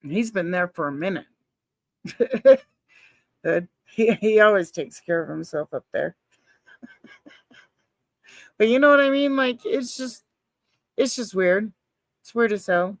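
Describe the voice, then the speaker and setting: Woman, live-stream chatter, rambling, swears a lot, nervous, mid pitch, dry close sound. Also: no echo. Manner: rambling, swears, reacts to chat, self-described nervous. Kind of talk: casual live-stream chat.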